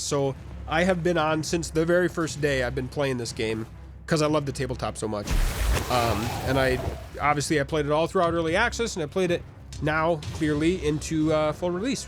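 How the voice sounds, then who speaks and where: A man streaming a game live, chatting in a rambling way and reading viewer comments aloud. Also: a little high.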